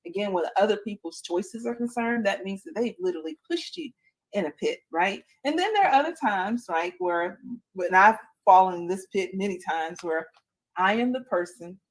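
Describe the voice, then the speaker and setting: A woman's voice: medium pitch, animated, normal speed, poor audio. A woman podcast host in a faith-based interview, encouraging and preachy, leaning on fillers.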